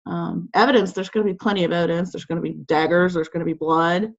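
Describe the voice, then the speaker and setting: A woman's voice: lowish voice, fairly even intonation, fast, vocal fry, lo-fi sound. A woman teacher talking a class through quiz questions over a video call in a casual, chatty way, with lots of fillers and acted-out quotes.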